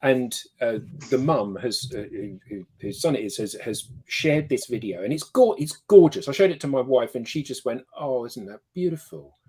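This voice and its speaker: A man hosting a casual online chat, telling a chatty anecdote. His voice is husky and a little rough, at an ordinary pitch. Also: lively intonation, moderate pace, few pauses, a little mellow, rough recording. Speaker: host.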